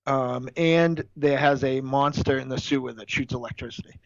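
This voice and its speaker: A man's voice: medium pitch, normal speed, muffled recording, slight background noise. A man co-hosting a casual podcast chat who swears often and argues his point hard. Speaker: podcast co-host.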